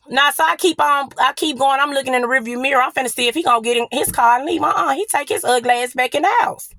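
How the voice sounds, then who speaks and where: A young woman tells a personal story in a loose, blunt, cursing way, bouncing between her own lines and the other person's. Her voice sits high and sounds bright. The sound is dry, with no room around it. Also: a little fast, no room sound. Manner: blunt, profane, animated retelling. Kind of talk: casual storytime.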